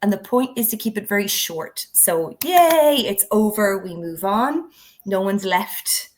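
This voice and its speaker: A woman's voice: medium pitch, animated, unhurried. Woman explaining a drama classroom game. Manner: instructive, walks through steps with examples. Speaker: drama education trainer. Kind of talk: explanatory conversation.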